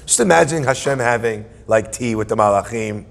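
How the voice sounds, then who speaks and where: A man's voice: fairly low pitch, fairly quick, gravelly. A man teaching a humorous Torah class in a playful, musing way, full of self-deprecating asides.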